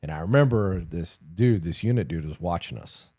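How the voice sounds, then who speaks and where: Man, middle-aged, low husky voice, animated swings in pitch, candid storytelling with acted-out quotes. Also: moderate pace. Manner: animated, acts out quoted dialogue, swears casually, laughs at himself. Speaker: retired command sergeant major, guest.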